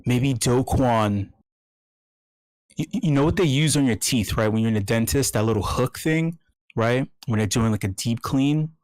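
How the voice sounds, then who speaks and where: A man hosting a meetup, ranting comically in a mock ASMR voice. He is profane, stammers and repeats himself, and swings from hushed talk to yelling. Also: mid-range voice, normal speed, no room sound, low-quality recording. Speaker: meetup host.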